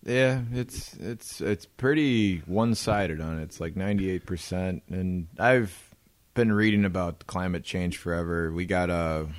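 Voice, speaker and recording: A man with a fairly low voice trades relaxed banter with his co-host. He teases easily and swears casually, keeping things loose. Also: measured pace. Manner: laid-back, profane, teasing. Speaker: podcast co-host.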